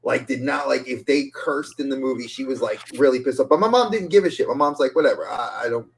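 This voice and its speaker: A male podcast co-host from New York talks in a loose, animated way, laughing often and stammering through restarts. His voice sits at an ordinary pitch. The sound is casual and conversational. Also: a little fast, gravelly, slight background noise.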